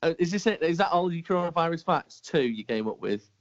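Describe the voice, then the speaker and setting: A man's voice: on the high side, animated, fast. Sceptical, sweary man. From England. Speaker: podcast co-host. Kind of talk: casual banter. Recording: dull lo-fi sound.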